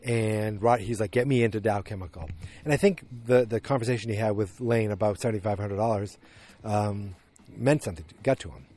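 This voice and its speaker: A man hosting a podcast, casually recapping a TV episode in a rambling, animated way. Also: on the low side, brisk, hardly any pauses. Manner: rambling, animated retelling with acted quotes. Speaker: podcast host.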